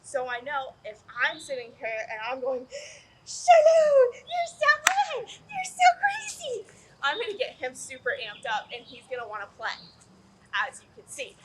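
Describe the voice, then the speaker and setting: Upbeat high-voiced dog trainer woman. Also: slight background noise, rough recording. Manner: upbeat, explanatory, bursts into excited praise for the dog. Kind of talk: instructional video.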